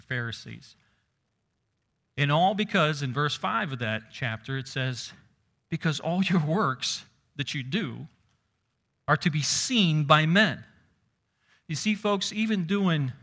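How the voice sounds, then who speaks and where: A man's voice: on the high side, sharp tone. A man preaching a sermon in a conversational way, raising his voice when quoting scripture.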